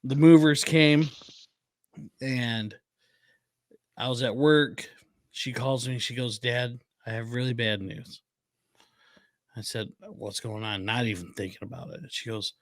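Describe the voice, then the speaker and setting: A man's voice: mid-range voice, steady tone, unhurried, pauses often, no echo. Chatty male podcast co-host, dry sound. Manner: chatty, laughs while telling stories. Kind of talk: casual podcast chat.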